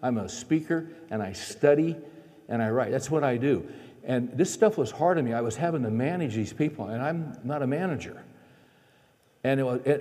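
A man preaching a sermon, telling a personal story in an animated way, his voice climbing as he acts out his frustration. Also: a little high, long reverb tail.

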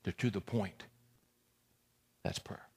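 A middle-aged male pastor preaching a sermon in a conversational way, moving between loud emphatic points and quiet, intimate passages. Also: slow.

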